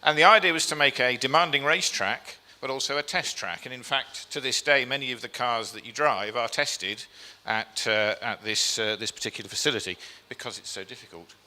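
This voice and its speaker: A man's voice: medium pitch, brisk, hardly any pauses, bright, forceful tone. A man giving a chatty slide talk to a live audience, with frequent ums and questions to the crowd. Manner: chatty, self-deprecating, asks the audience questions. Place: event hall with a live audience. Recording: long reverb of a hall.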